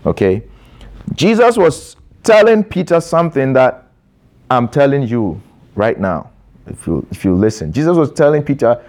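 A male preacher delivering a sermon in an emphatic, repetitive style. He stretches out key phrases and turns to his listeners with direct questions. His voice sits at an ordinary middle pitch. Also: sing-song, normal speed, darkish tone. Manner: addresses a young audience directly with questions.

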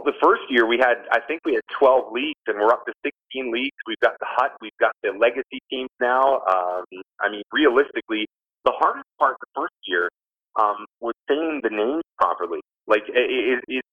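Husky-voiced man on a tinny phone line. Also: medium pitch. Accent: Canadian. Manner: enthusiastic, chatty, fond of sports talk. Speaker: baseball broadcaster and team communications director. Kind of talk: phone interview, casual storytelling.

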